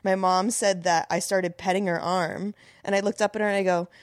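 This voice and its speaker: A woman's voice: mid-range voice, steady tone, fairly quick, dry recording, clean studio sound. A woman in her thirties, a stand-up comedian guesting on a podcast, telling candid stories in casual chat with lots of "like". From Florida, US. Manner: candid, storytelling, frequent "like".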